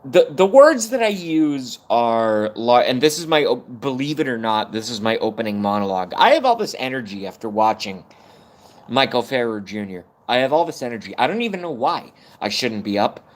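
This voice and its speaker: A man's voice: medium pitch, very animated, moderate pace. Profane rambling livestream man. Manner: profane, blunt and swings between energy and fighting tears. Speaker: YouTube livestream host. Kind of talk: rambling live-stream monologue.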